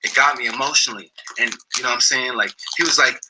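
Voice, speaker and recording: A man's voice: medium pitch, steady tone, fast talker, hardly any pauses, sharp tone, slight background noise, low-quality recording. A man telling a personal story in a casual, slangy, rambling way with many restarts. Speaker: guest.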